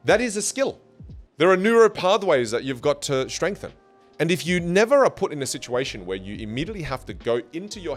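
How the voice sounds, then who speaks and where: Energetic male speaking coach, very animated delivery, faint music bed behind. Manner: energetic, emphatic, playful with big pitch jumps. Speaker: communication skills coach. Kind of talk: online lesson to camera. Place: studio.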